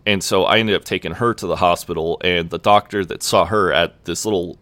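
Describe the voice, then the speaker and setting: A young man telling a personal story in casual chat, relaxed and full of fillers and swearing. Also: low-pitched, fairly quick, no echo. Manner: laid-back, swears often, lots of "like" fillers. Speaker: podcast co-host.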